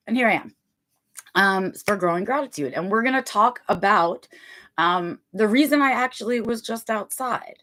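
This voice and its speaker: A woman's voice: medium pitch, lively intonation, normal speed, fairly bright tone. A woman hosting a casual livestream from home, talking in a chatty, rambling way and often checking in with her listeners. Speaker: livestream host.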